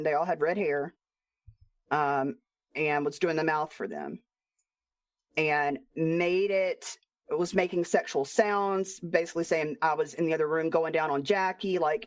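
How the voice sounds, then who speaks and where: Woman streamer, angry profane rant, low voice, dry sound. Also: no room sound. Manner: bitter, profane, ranting.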